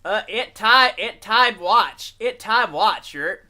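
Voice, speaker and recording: Loud swearing stream guy, voice jumps all over, bright and sharp. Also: high voice, takes it slowly. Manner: rambling, profane, animated, reads chat aloud. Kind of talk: casual live-stream chat.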